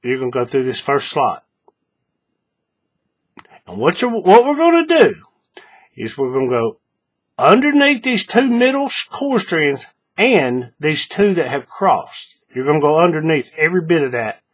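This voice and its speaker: A man with a husky, slightly high voice explains a craft project step by step in a loose, casual way. He repeats himself often and keeps checking that the viewer is following along. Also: sing-song, unhurried, long pauses. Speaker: crafting tutorial host.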